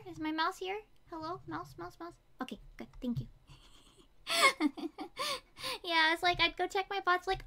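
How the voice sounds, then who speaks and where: A woman streaming a game live, chatting casually, swearing freely and breaking into panicked shouts. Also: very high-pitched.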